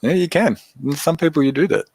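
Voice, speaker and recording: A man's voice: a little high, expressive, fast talker, darkish tone, slightly rough, no room sound, rough recording. A man with an Australian accent hosting a casual livestream, chatting easily and answering viewer comments as he goes. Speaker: livestream host.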